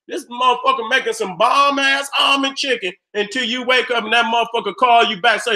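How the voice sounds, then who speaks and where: A man's voice: very high voice, steady tone, a little fast, few pauses, bright, forceful tone. A man hosting his own video, delivering a heated, profane rant in streetwise slang and acting out little dialogues as he goes. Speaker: video host. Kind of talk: profane ranting commentary.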